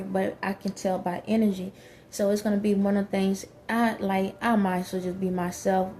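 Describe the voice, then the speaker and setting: A woman's voice: mid-range voice, mellow, slight background noise. A woman talking frankly and emphatically in a casual monologue, with many fillers. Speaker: vlogger.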